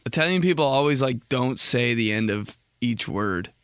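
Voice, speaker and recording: A man's voice: mid-range voice, expressive, normal speed, a bit bright, clean tone, no room sound, clean studio sound. A man hosts a podcast, rambling through a comedic monologue, laughing often and acting out quotes in exaggerated voices. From Indiana, United States. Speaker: podcast host.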